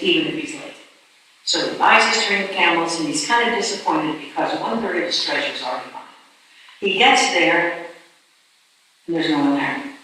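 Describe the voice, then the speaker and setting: A woman telling a story as a sermon in a church hall, animated and dramatic, often restarting her words. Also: lowish voice. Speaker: speaker. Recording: echoey distant hall with faint noise.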